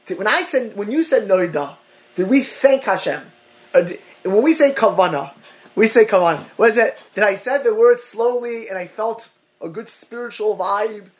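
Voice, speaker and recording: A man teaching a Torah class over a call, talking in halting bursts, often repeating words and mixing in Hebrew and Yiddish terms. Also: high voice, animated, a little hiss or hum, low-quality recording.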